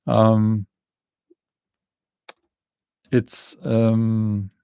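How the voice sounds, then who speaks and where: A middle-aged man with a Norwegian accent, hosting a casual livestream and answering chat questions in a halting way, full of fillers and restarts. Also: lowish voice, flat delivery, vocal fry, dark tone, clear, resonant tone, no room sound. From Norway. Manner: halting, many fillers and restarts, chuckles dryly.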